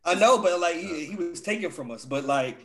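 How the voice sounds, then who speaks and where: A man's voice: fairly high pitch, expressive, a little fast. A young man chatting casually as a podcast co-host, laid-back and slangy. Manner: laid-back slangy talk, says "dog" a lot. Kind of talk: casual chat.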